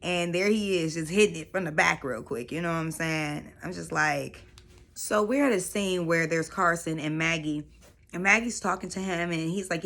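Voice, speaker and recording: A woman's voice: on the low side, moderate pace, a bit bright. A woman giving casual, sassy commentary while she recaps a show, talking straight to her viewers in slang. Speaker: reality TV recap host.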